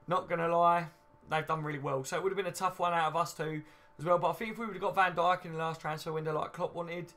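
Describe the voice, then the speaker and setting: A man's voice: a little high, fairly even intonation, fast talker, bright, forceful tone. A man in his thirties hosting a casual live stream, chatting loosely and answering viewer comments with lots of ums and "you know what I mean".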